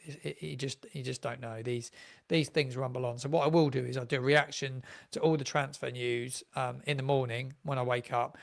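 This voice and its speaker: Gravelly-voiced man rambling on a live stream. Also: medium pitch. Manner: rambling, repeats himself, many ums. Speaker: football fan content creator. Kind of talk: live-streamed transfer deadline chat.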